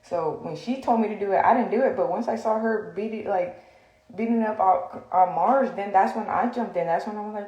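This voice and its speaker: A woman's voice: mid-range voice, brisk, darkish tone, echoey room, low-quality recording. A woman venting heatedly on a livestream, confrontational and full of fillers, recorded on a phone in a room.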